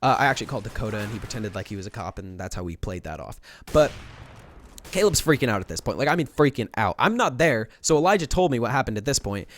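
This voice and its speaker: A young man in a storytime vlog, retelling a prank in a rambling, animated way with many restarts. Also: mid-range voice, fast, slight background noise. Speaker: vlogger.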